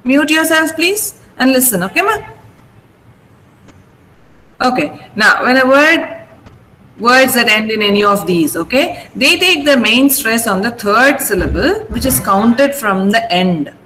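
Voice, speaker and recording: A woman's voice: a little high, expressive, measured pace, bright, forceful tone, in a large hall, a little hiss or hum, rough recording. A woman teaching an online vocabulary class over a video call, patiently repeating words to drill the stress.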